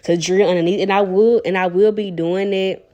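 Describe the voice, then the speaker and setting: A young woman with a Southern country accent from Arkansas, chatting fast and slangy to viewers as she does her own nails. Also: medium pitch, steady tone, warm tone, muffled recording. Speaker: nail vlogger. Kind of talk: casual voice-over tutorial chat.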